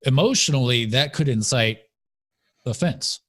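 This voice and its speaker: A man co-hosting a podcast, speaking at a middle pitch. He argues his points in an opinionated way, often asking "right?" to drive them home. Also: a little slow, a bit bright. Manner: opinionated, argumentative. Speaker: podcast co-host. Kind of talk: casual chat. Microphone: studio mic.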